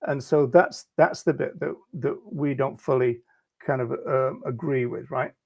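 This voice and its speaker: A man co-hosting a casual discussion, speaking in a measured way and thinking aloud with fillers. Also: mid-range voice, creaky, a little mellow. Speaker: podcast co-host.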